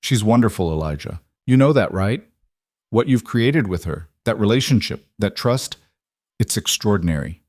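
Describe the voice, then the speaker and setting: Guy playing a shaky, soft-spoken woman boss, kinda tearful, low voice, dry audio. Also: expressive, normal speed, dry recording. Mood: tender. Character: emotional young woman executive, vulnerable.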